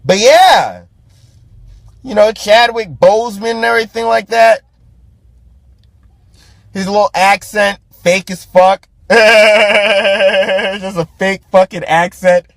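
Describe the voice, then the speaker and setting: Guy podcast host ranting slow and profane, kinda high voice, dry close sound, keeps laughing. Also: gravelly, a bit bright, dry recording. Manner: profane, laughing often, many restarts and fillers. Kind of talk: casual ranting commentary.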